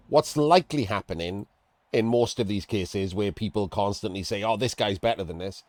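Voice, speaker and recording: A man's voice: lowish voice, expressive, moderate pace, no echo. A man giving casual, blunt and sarcastic commentary on a game replay, talking to his chat. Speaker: streamer reviewing a game replay.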